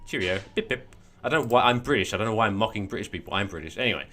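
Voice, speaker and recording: A man co-hosting a podcast, talking in a rambling, animated, storytelling way. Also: on the low side, rapid-fire, faint music behind. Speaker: podcast co-host. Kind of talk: casual chat.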